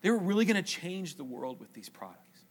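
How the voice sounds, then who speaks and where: A man preaching a sermon in church, stressing phrases with slow repetition and letting phrase ends trail off quietly. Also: sits high, sing-song, breathy edge.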